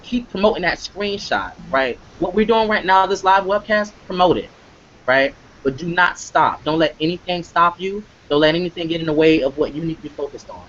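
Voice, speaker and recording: A man's voice: a little high, lively intonation, brisk, fairly bright tone, highs cut off. A man hosting a live motivational webcast, talking emphatically and repeating himself, often checking in with "right?". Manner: emphatic, repetitive, tag questions. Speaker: webcast host.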